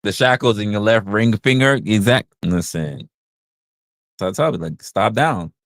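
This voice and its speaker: A man's voice: lowish voice, measured pace, fairly bright tone, dry recording. A man hosting a livestream in casual chat, rambling, crude and joking, repeating his phrases into a close mic. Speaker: livestream host.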